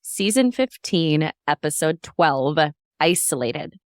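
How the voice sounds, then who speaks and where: A woman co-hosting a casual podcast, recapping a TV episode in a relaxed, blunt way. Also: sits low, slow, no echo, studio quality. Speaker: podcast co-host.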